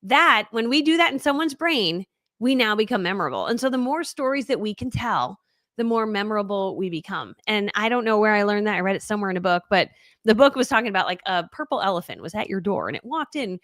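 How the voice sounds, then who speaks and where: A bubbly, high-energy woman teaching a live online class, racing through her points. Her mid-pitched voice sounds close and completely dry. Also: big pitch swings, fast, a bit bright, no echo. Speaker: online business coach.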